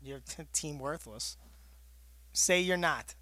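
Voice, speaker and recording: A man's voice: a little high, slow, bright, forceful tone. Joking man co-hosting a chat. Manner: joking, teasing, echoes the other host. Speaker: co-host, pro wrestler. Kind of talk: casual chat.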